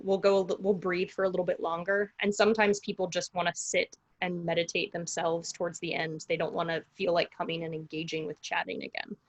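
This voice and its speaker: A woman leading a virtual breathing workshop over a video call, giving calm instructions and counting breaths slowly. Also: mid-range voice, muffled recording. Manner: calm, slow counting with pauses.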